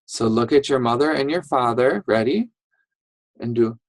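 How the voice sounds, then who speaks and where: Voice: mid-range voice, moderate pace, no room sound, rough recording. A teacher giving a reading lesson to young children, patient and encouraging, checking in often. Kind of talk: online reading lesson for first graders.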